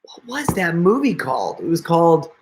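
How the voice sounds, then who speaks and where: A man's voice: fairly high pitch, big pitch swings, normal speed, slight background noise. Chatty joking man on a live stream. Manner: chatty, joking, laughs often. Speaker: prank video creator hosting a live stream. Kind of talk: casual live-stream chat.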